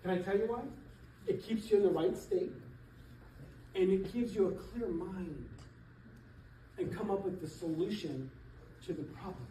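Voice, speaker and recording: A middle-aged man, a real estate coach, giving an animated motivational seminar talk to an audience in a church hall. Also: sits high, a little slow, pauses often, a little hiss or hum. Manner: emphatic, animated, laughs between points. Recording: echoey hall, voice from far off.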